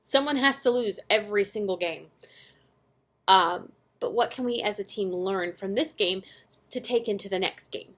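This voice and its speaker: An earnest young woman gives a casual motivational recap to her team, speaking at a middle pitch. She talks in an animated way, laughs at herself and fills her pauses with ums and likes. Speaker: direct sales team leader.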